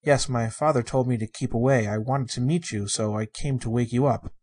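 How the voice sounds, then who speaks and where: A man reading the part of a shy, wondering sixteen-year-old girl, in a soft, earnest and innocent way. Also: medium pitch, a little fast, slightly rough, close to an everyday voice.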